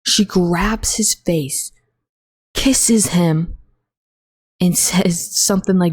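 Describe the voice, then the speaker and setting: A woman's voice: fairly low pitch, slow pace, long pauses, darkish tone, slightly rough. Rambling, foul-mouthed young woman podcaster. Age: young adult. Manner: rambling, profane and blunt. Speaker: podcast host. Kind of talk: casual solo podcast chat.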